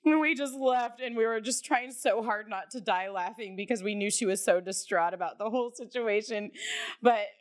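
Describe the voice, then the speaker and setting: Podcast mom telling a funny story, kinda high voice, laughs a lot and swears. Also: female voice, normal speed. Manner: animated storyteller, laughs often, swears casually. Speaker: podcast co-host. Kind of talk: casual storytelling chat.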